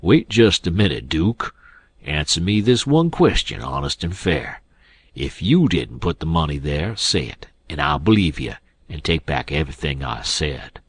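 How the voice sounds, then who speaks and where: A man's voice: very deep voice, very animated, a little slow, husky, no room sound, heavily acted. A man voicing an older male swindler who drawls and wheedles. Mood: pleading.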